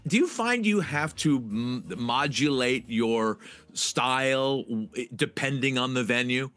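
A man interviewing a guest, asking questions in a relaxed, conversational way. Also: medium pitch, takes it slowly.

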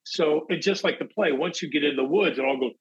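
A man and actor, chatting casually as an interview guest, telling animated stories and bursting into loud acted-out quotes. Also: fairly high pitch, a little fast, slightly rough, lo-fi sound. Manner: animated storyteller, acts out quotes in big voices. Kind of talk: casual anecdotal chat.

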